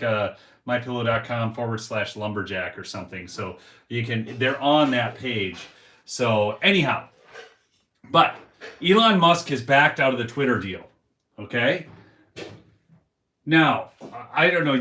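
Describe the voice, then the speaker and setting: A man's voice: fairly high pitch, fairly bright tone. A man hosting a casual political commentary show, talking in a rambling, folksy way full of fillers and restarts. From United States. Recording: roomy echo.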